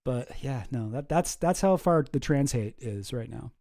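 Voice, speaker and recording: Rambling streamer man, soft dark tone. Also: medium pitch, animated, moderate pace, creaky. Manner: rambling, self-deprecating, swears often. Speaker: streamer host. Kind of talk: casual commentary stream.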